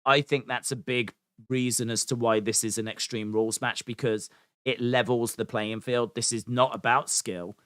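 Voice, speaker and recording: A man's voice: mid-range voice, steady tone, normal speed, a bit bright, clear, resonant tone, dry recording, clean studio sound. A man co-hosting a wrestling podcast, chatting in a rambling, self-deprecating way. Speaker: podcast co-host. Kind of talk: casual podcast chat.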